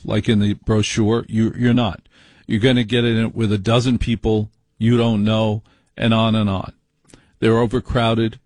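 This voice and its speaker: A man's voice: on the low side, darkish tone, no echo. A man with a brash, rambling, opinionated monologue style, talking in a mock-exasperated way.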